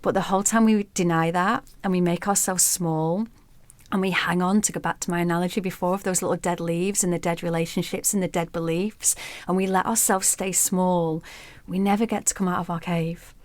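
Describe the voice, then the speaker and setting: Female guest storyteller, lower voice, expressive and vivid; dry recording. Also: a little fast, no echo. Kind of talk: storytelling in an interview.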